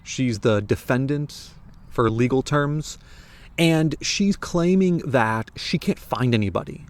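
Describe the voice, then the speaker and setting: A young American man with an American accent, talking casually to camera about a book he enjoyed, animated and rambling with restarts. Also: medium pitch, slow. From United States. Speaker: book reviewer.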